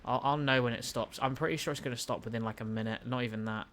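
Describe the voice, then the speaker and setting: A young man with a British accent chats loosely on a live game stream, tripping over his words and replying to chat as he goes. His voice sits at a middle pitch, and a faint hiss of noise hangs behind him. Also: steady tone, quick pace, a bit bright. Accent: British English. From United Kingdom. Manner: rambling, stumbling restarts, reads and answers chat. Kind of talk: casual live-stream chat while gaming.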